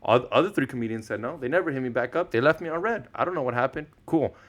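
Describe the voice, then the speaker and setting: A man's voice: mid-range voice, racing. A man in his thirties whose first language is Spanish, telling stories animatedly in casual podcast chat, slangy and swearing, acting out what people said. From Mexican-American, Southern California. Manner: animated storyteller, slangy, swears, acts out quotes. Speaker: podcast guest.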